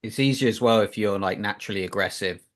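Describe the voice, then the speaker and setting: Low-voiced man rambling with fillers. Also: fast. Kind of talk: casual chat over a call. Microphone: online call.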